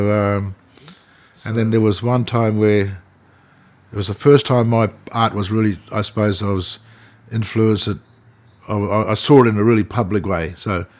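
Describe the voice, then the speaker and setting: An older Australian man, an artist and elder, telling his story in an interview, halting, with many fillers and restarts. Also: on the low side. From Central Australia.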